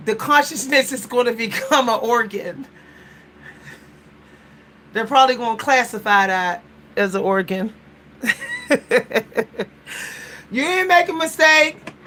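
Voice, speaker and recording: Female host, playful and musing, frequent laughter, slightly high voice. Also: pushed and bright, a little hiss or hum. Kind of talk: casual livestream chat.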